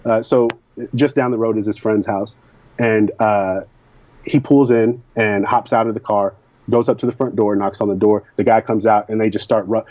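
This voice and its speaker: A man's voice: fairly low pitch, steady tone, moderate pace, darkish tone, no room sound. A man from Kentucky who frankly recounts his personal experiences as an interview guest, recorded in a dull lo-fi sound. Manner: candid and frank.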